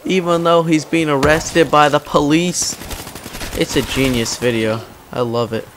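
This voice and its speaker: Over gameplay, a young man tells meandering stories in casual chat, acting out the people involved with loud, high-voiced quotes. His intonation is fairly even and he speaks a little slowly against a noisy background.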